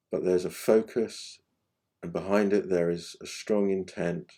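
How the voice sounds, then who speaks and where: A man leads a guided meditation lesson in a deep, mellow voice. He speaks gently and without hurry, his sentences often sinking to a soft, quiet finish. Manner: gentle, unhurried, phrases trailing off softly. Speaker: meditation teacher.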